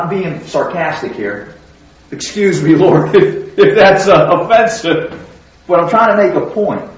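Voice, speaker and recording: A man's voice: a little high, gravelly. A man preaching a sermon in a conversational, teaching way, often putting questions to his listeners. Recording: very echoey hall, distant mic, dull sound.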